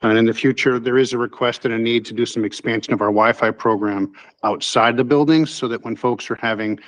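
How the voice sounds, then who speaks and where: A man's voice: mid-range voice, steady tone, brisk, low-quality recording. A man presenting a school technology budget to a board, speaking formally with frequent "uh" fillers. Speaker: school district technology administrator. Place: town hall meeting room.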